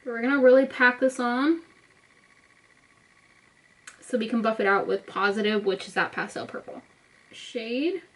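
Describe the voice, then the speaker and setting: A young woman with a fairly high voice, chatting casually to her viewers. She talks through each makeup step as she goes, easygoing and conversational. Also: unhurried, long pauses, low-quality recording. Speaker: beauty vlogger. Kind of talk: casual makeup tutorial talk.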